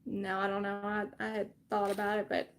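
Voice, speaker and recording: A woman's voice: medium pitch, completely flat delivery, a little fast, slight background noise. Easygoing Southern woman hosting a craft stream. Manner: easygoing, explains steps while working. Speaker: craft livestream host. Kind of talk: casual crafting livestream chat.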